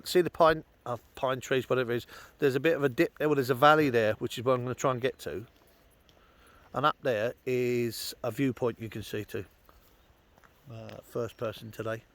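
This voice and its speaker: This outdoors vlogger, a man from London, has a medium-pitched, slightly bright voice. He rambles chattily with many ums and uhs while standing on a Welsh hillside, dogs nearby.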